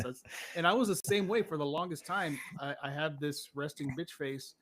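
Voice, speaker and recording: A man's voice: on the high side, fairly quick. A man co-hosting a podcast, chatting in an easygoing, reassuring way. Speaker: podcast co-host. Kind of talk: casual chat.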